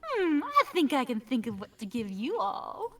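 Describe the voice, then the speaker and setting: A woman's voice: high voice, huge pitch swings, normal speed, faint music behind, heavily acted. A woman voicing a doting, effusive fashionable woman who runs a boutique, heard from a distant mic.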